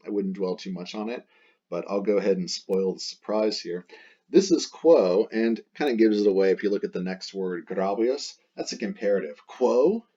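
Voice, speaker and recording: A man's voice: sits low, moderate pace, mellow, breathy edge, dull audio. A man teaching a Latin text in a chatty, playful way, repeating and rephrasing as he explains.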